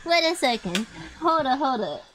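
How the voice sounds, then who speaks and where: Young adult woman, fairly high voice, excitable and foul-mouthed live game commentary. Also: moderate pace, a little hiss or hum, low-quality recording. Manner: excitable, swears freely, talks to chat. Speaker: streamer.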